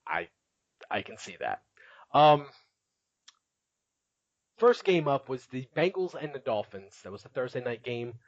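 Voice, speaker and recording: A man's voice: medium pitch, sing-song, a little slow, pauses often, no echo, dull audio. Chatty laughing male podcast host. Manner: chatty, laughs often, recaps with filler words. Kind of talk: casual podcast chat.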